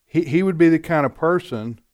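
A man giving political commentary in casual panel talk, halting and repeating words as he starts his points. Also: fairly high pitch, a little mellow.

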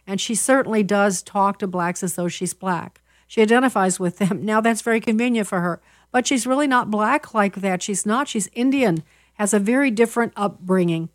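A woman's voice: mid-range voice, normal speed, no room sound. A middle-aged woman hosts a political talk radio show. She argues emphatically and with conviction, stumbling over fillers and restarting sentences. The studio sound is dry and close, with no room to it.

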